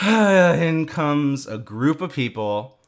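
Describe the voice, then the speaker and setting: A man co-hosting a podcast, telling a story in casual chat, animated and quick to swear, with many restarts. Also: fairly high pitch. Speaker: podcast co-host.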